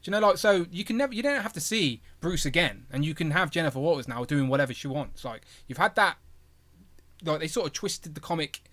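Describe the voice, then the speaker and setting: A man's voice: fairly high pitch, animated, quick pace, fairly bright tone. A man hosting a live stream in a casual, rambling way and reading out viewer messages. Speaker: host of a live toy stream. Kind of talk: casual chat.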